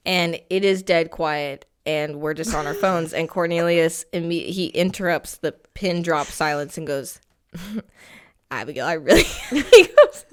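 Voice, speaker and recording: A woman co-hosting a podcast, telling a story in casual chat and acting out the people in it with lively energy. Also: on the low side. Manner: animated storyteller acting out quotes. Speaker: podcast co-host.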